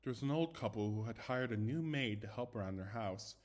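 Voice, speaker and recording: A man's voice: fairly low pitch, animated, a little fast, darkish tone. A young man casually reading ghost stories aloud, chatty and stumbling over words, with asides, recorded without a proper microphone. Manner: chatty, self-commenting, stumbles and restarts. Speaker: story reader. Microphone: no dedicated microphone.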